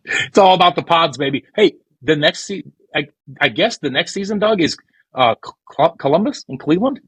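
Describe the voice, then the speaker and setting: Husky guy podcast host, kinda high voice, rambles and jokes crude, dry studio sound. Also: animated, normal speed, a bit bright, no room sound, low-quality recording. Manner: rambling, bawdy, playful, acts out quoted lines. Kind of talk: crude comedic podcast banter.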